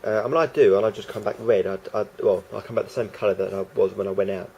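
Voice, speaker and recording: A man's voice: on the low side, steady tone, fast, darkish tone, highs cut off, slight background noise. A man rambling through a casual vlog monologue, hesitant and full of restarts and fillers. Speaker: vlogger.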